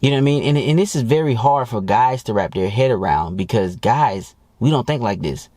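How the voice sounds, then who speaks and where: A man's voice: mid-range voice, lively intonation, fairly quick, darkish tone, no room sound. A man giving dating advice in a blunt, profane, mocking rant. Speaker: dating coach. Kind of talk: ranting advice monologue.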